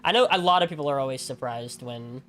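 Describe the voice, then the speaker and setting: A man from Alabama streams a game and chats with his viewers in a loose, rambling way. He fills his talk with "like" and often restarts his sentences. His voice sits at a middle pitch, with soft music playing underneath. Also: fast talker. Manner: rambling, heavy use of "like", frequent restarts. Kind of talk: casual chat with viewers while gaming.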